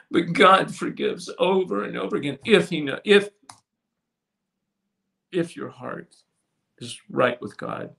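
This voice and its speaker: A man preaching a sermon with passion, swinging from loud to hushed and repeating words as he restarts phrases. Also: high voice, takes it slowly, vocal fry, long pauses. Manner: impassioned preaching with sudden swings from loud to soft. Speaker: pastor.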